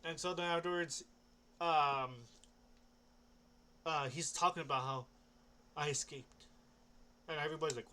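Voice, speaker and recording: A man's voice: a little high, fairly even intonation, a little slow, pauses often, sharp tone. A young man rambling casually about comics, hesitant, restarting often and swearing offhandedly. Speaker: comic book vlogger.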